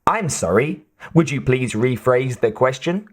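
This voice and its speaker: A man's voice: mid-range voice, lively intonation, a little slow. A man voicing a cheerful, overly literal robotic mannequin cab driver in an audiobook.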